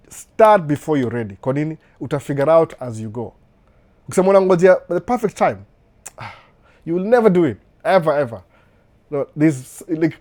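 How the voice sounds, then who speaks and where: Animated Kenyan man hosting a live Q&A. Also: fairly high pitch. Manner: animated, repeats "no, no", laughs often. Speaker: livestream host answering viewer questions. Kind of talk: casual live Q&A, mixing Swahili and English. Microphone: desk microphone with computer setup.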